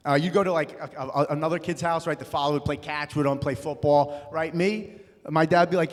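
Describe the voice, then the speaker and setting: A young man doing a stand-up comedy set, loud and punchy, slipping into acted-out voices. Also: on the high side, fairly even intonation, brisk. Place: comedy club stage. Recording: live room with long reverb.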